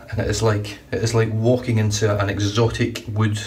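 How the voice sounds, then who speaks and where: A man's voice: lowish voice, level tone, moderate pace. A man casually reviewing shaving products, chatty and enthusiastic, a little rambling. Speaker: shaving vlogger. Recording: distant mic, faint room noise.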